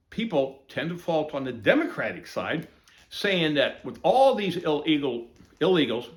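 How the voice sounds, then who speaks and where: A man delivers a heated opinion monologue in a fairly high, lively voice that swings up and down as he presses his points. He talks emphatically and indignantly, rising as he protests. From United States. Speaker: channel host.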